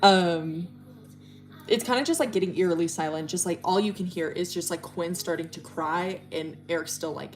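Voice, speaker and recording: A woman livestreamer casually retelling a story, rambling with lots of fillers and swearing. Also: low voice. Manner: rambling, full of fillers and profanity.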